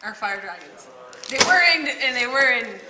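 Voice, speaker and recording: A woman chatting casually as co-host, chiming in with quick, teasing remarks. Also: fairly high pitch, animated. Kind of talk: casual chat. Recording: roomy echo with heavy noise.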